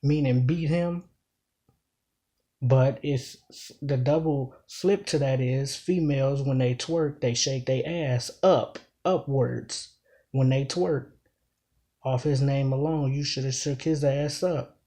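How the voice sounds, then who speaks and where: A man talking casually through a battle rap, repeating each bar and pressing its meaning home. His voice is mellow and warm, with an ordinary mid pitch. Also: fairly even intonation, slow. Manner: emphatic, repeats lines while explaining. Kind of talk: casual breakdown commentary.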